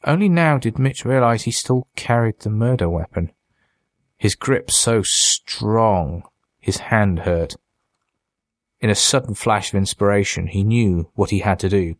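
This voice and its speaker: Low-voiced man narrating horror. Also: lively intonation, no echo. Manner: measured, dramatic. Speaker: audiobook narrator.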